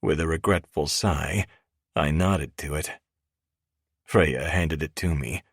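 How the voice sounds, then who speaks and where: A man narrating a romance audiobook in first person, deep and gravelly, with an even, steady reading. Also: slow pace, no room sound, clean studio sound.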